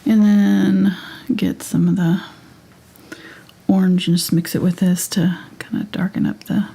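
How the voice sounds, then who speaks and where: Soft, gravelly-voiced woman teaching painting. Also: on the low side, little pitch movement, a little slow. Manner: soft, half-whispered step-by-step instructions; casual, chatty asides. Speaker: painting instructor. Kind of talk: live painting tutorial.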